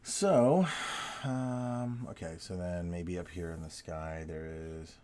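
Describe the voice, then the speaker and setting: This low-voiced man, warm and mellow in tone, takes it slowly as he talks through his drawing on video at his desk. Chatty and meandering, he keeps doubting his lines and correcting himself mid-sketch.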